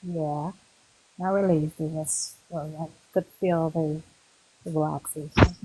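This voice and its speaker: Woman participant, husky low voice, slow and halting, casual group sharing. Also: steady tone, darkish tone, low-quality recording. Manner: hesitant, halting speech.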